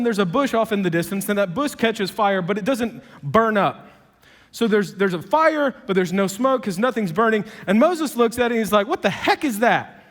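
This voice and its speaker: A male pastor preaching in a loose, joking, conversational way. His voice sits high for a man, and his words ring out with a long reverb in a large church hall. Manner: casual, conversational, humorous. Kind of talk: sermon.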